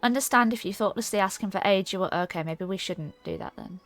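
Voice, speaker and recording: A woman's voice: mid-range voice, fast. A woman streamer chatting casually and rambling while playing a game, reading her chat aloud.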